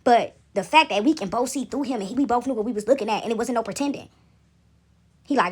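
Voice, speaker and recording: A woman's voice: fairly high pitch, fast talker, slightly rough. A young woman telling a story to her viewers in a casual, chatty way, tagging her sentences with "right?" and "y'all", shaken up by what she is describing. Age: young adult. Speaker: vlogger.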